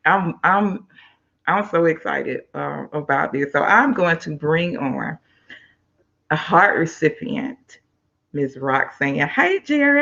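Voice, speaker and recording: A woman hosting a live online talk show over a video call, effusive and excitable, thanking viewers by name. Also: low voice, slow pace, gravelly, dull audio. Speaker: host.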